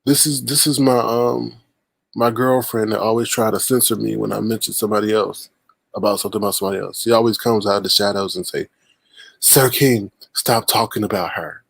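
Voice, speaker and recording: A man's voice: on the low side, level tone, fast, gravelly, no echo. A man hosting a casual livestream, greeting viewers by name and teasing them in sing-song asides. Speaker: livestream host.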